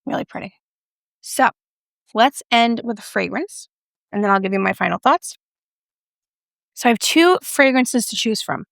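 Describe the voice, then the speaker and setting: Gravelly, chatty woman reviewing makeup. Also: on the high side, expressive, normal speed, pauses often, fairly bright tone, no echo, studio quality. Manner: playful, chatty, jokey asides. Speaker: beauty vlogger.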